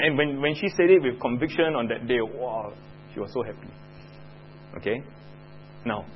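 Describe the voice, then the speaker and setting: A man's voice: fairly high pitch, lo-fi sound, slight background noise. A man with a Singaporean English accent teaching a Bible lesson to children, chatting and asking the class questions.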